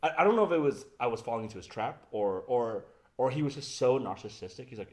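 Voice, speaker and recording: A man's voice: mid-range voice, animated, fast talker, darkish tone. A man hosting a podcast, telling a story in casual chat and often laughing as he goes. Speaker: podcast host.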